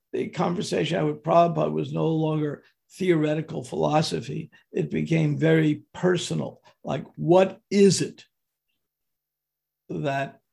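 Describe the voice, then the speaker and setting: Raspy, gravelly older man. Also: fairly high pitch, darkish tone. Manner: earnest, slows down on emotional words. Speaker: guest. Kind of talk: personal storytelling.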